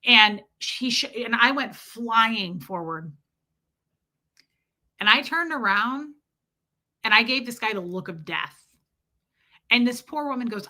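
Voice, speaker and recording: Woman streamer with a bright voice, swearing a lot and telling animated stories, just chatting to her viewers. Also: on the high side, slow pace, long pauses. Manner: profane, animated storytelling; reads out viewer comments. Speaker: livestream host. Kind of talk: casual livestream chat.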